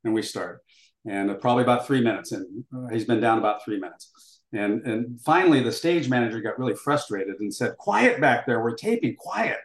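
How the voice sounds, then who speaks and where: An older man with a fairly low voice tells a story to an interviewer. He acts out bits of dialogue and leans on fillers as he goes. His voice rings in a noticeably roomy space. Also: fairly quick. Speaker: interview guest. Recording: roomy echo.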